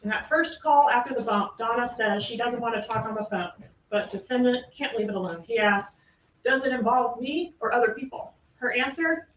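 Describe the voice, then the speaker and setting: A woman's voice: a little high, moderate pace, slight background noise. A woman prosecutor giving a courtroom closing argument, emphatic and full of rhetorical questions. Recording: echoey room, distant mic, faint ambience.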